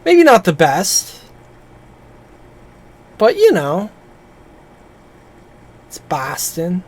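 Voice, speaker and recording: A woman streaming a game, chatting casually and getting excited as she plays. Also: fairly low pitch, very slow.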